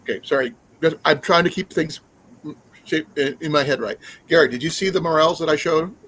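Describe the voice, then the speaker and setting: A man's voice: on the high side, a little fast, fairly bright tone, a little hiss or hum, rough recording. A man hosting a casual live stream, chatting in a rambling way with many fillers and restarts. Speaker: livestream host.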